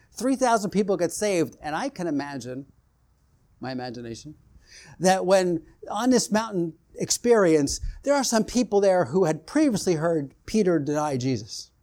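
A man's voice: high-pitched, dark tone. A man preaching a sermon, retelling scripture stories and acting out the quoted exchanges, building in intensity as he goes.

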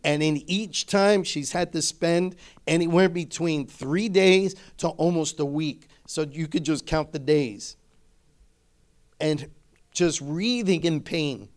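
A man's voice: on the high side, slow. A middle-aged man, a pastor, preaching a sermon emphatically and building his points through repetition.

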